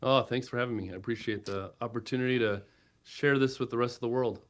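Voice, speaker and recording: A man guest on a podcast, an energetic storyteller who keeps checking in with "right?". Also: mid-range voice, fast. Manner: energetic storyteller, quotes himself and wife, lots of "right?". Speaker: guest, platform co-founder. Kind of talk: podcast interview.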